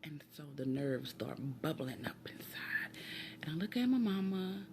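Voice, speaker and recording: A woman telling a casual story from home, animated and acting out voices, with hushed asides. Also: low voice, moderate pace, noisy background. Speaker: storytime vlogger and mother.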